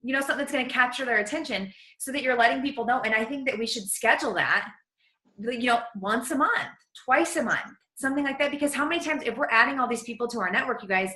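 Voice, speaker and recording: A woman's voice: on the high side, quick pace, roomy sound, rough recording. Bubbly woman hosting a coaching call. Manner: gushing, energetic, casual. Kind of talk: upbeat motivational call.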